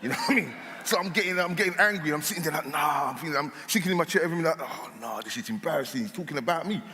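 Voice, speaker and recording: A man telling his story as an interview guest, casual and lively, acting out the voices of people in his tale. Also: on the high side, rapid-fire. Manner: casual speech with dropped words. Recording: long hall reverb in a church.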